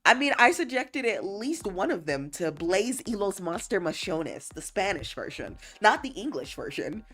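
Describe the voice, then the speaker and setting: A woman's voice: mid-range voice, measured pace, faint music behind. A woman livestreamer in a casual chat, laughing often and teasing as she reads chat messages aloud and answers them. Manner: playful, teasing, animated.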